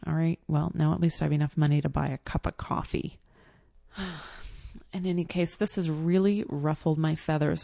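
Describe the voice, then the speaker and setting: A woman's voice: lowish voice, mellow, no room sound. A woman telling a casual personal story in a chatty, exasperated way with lots of fillers.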